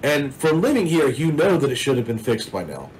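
A man's voice: mid-range voice, sing-song, fairly quick, darkish tone, soft background music, poor audio. Rambling man running a tabletop game. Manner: casual, rambling with many fillers. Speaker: game master.

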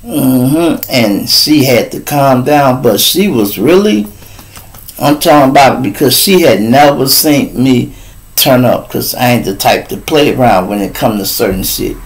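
A man hosting a live street show, telling a profane story in heavy slang, swinging between loud outbursts and low asides. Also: expressive, unhurried, rough recording.

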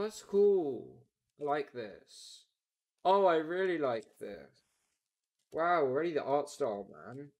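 A game streamer giving chatty, excitable, self-mocking commentary on a first playthrough. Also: mid-range voice. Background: game music.

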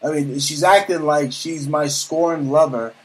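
Man, talk show host, loud rambling rants, profane, slightly high pitch. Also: a little slow, poor audio. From United States. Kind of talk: ranting live talk radio.

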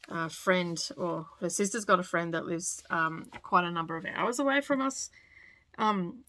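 An Australian woman in her forties chats away in a casual, rambling way, full of little fillers. Her voice is bright and forceful. The sound is close and dry, with no room echo. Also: on the low side. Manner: chatty and rambling, many fillers, with little laughs. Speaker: sewing vlogger. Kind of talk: casual chat. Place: home sewing studio.

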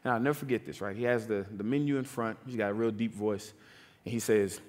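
A pastor with a lowish voice preaches quickly in a conversational style, frequently checking in with "right?" and "like." The recording carries the long reverb of a church sanctuary.

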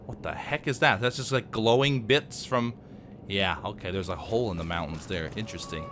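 A man's voice: fairly low pitch, fairly quick, a bit bright, a little hiss or hum. A man in his thirties giving casual, playful gameplay commentary with joking asides. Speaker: let's play host.

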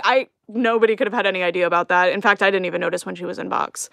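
A young woman talks casually on a home live stream, rambling through her thoughts with frequent fillers and easy giggles. Her voice sits at a middle pitch for a woman. The sound is dry and close, with little room in it. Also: steady tone, very fast, gravelly, a bit bright, dry recording. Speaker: doll collector livestreaming an unboxing.

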